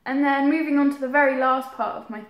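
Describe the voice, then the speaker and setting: A young woman with a fairly high voice rambles through a story to camera, giggling and filling gaps with ums and likes. Her voice bounces around a roomy, echoey space. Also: steady tone, quick pace, lo-fi sound. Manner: chatty, giggly, rambling with many fillers. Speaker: vlogger. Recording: roomy echo.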